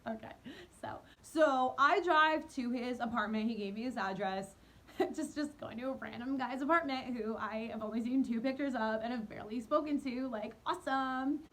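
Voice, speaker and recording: A young woman telling a dating horror story in a storytime vlog, animated and giggly, mocking herself. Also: fairly high pitch, normal speed. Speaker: vlogger.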